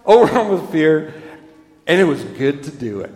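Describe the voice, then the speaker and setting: A man's voice: a little high, big pitch swings, normal speed, darkish tone, roomy sound, big-room sound. A man giving a sermon as a pastor, telling stories in a conversational, self-deprecating way.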